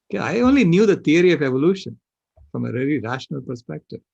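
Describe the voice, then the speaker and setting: Gravelly, husky older man telling a story. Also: a little high, very animated, darkish tone, lo-fi sound. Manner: earnest, halting storytelling with fillers. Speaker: panel speaker, systems engineer. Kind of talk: personal story told in a panel talk.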